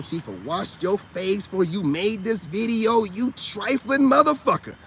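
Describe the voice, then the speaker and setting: A man giving a profane, mocking monologue, swinging between high outbursts and low mutters. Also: measured pace, hardly any pauses, fairly bright tone, slight background noise. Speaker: online commentator. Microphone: self-recorded video.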